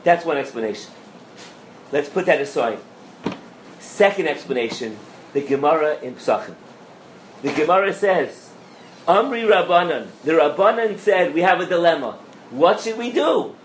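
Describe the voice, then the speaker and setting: Male rabbi, Torah class, animated, checks in with audience, slightly high voice, roomy hall mic. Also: normal speed, pauses often, slight background noise. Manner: animated, asks the audience questions, mixes in Hebrew and Yiddish terms. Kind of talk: lively Torah lecture to a live audience. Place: lecture room with an audience.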